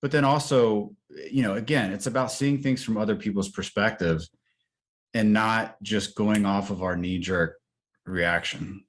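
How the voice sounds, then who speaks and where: A man co-hosting a casual talk show, explaining ideas with lively examples and quoted lines. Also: on the low side, unhurried. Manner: animated, talks through examples and quoted lines. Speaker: podcast co-host. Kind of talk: casual discussion of workplace psychology.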